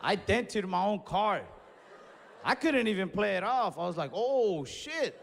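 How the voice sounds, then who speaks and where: Gravelly stand-up comedian in a big hall. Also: male voice, sits high, expressive, moderate pace, a little hiss or hum. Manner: casual slangy delivery, loud acted-out yells. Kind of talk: stand-up storytelling. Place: comedy stage in a large venue. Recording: live show in a reverberant hall with audience.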